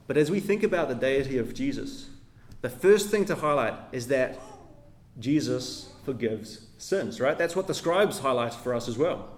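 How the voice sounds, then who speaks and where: Animated male preacher with lively pitch. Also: moderate pace. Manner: emphatic, rising and falling delivery with tag questions. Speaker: pastor. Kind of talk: sermon with scripture reading.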